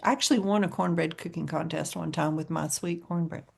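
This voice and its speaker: Southern US woman, podcast co-host, lowish voice, chatty storyteller who laughs often. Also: fairly quick, creaky, husky. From American South. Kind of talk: casual chat.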